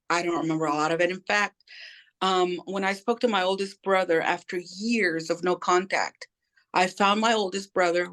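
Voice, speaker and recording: A woman's voice: fairly low pitch, a bit bright. A middle-aged woman speaking as an interview guest, telling her personal story candidly and acting out the voices of people she quotes in casual, slangy talk.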